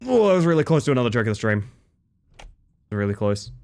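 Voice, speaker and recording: A young man chats with his stream audience in a loose, joking way. His voice sits at an ordinary pitch but swings up and down with a lot of life. He teases himself and keeps things light. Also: big pitch swings, fast talker, darkish tone. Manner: chatty, playful, self-mocking, laughs often. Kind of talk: casual gaming stream chat.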